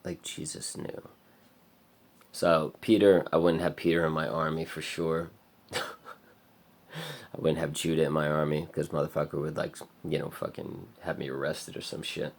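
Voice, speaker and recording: Man vlogger with a very low, gravelly voice. He talks in a rambling, halting monologue that at times sinks to a murmur. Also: steady tone. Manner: rambling, halting, heavy on filler "like". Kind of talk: confessional monologue.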